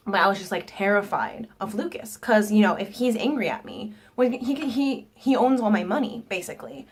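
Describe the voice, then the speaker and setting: A woman's voice: mid-range voice, brisk, husky. Nasal young woman telling a story. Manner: animated retelling with quoted voices. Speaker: vlogger. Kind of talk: casual storytime.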